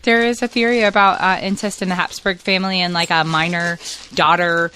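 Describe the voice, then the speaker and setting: Bright-voiced woman rambling in casual chat. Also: on the low side, fairly even intonation, fairly quick, a little hiss or hum. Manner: rambling, explanatory, filler-heavy. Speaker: podcast guest, host's wife.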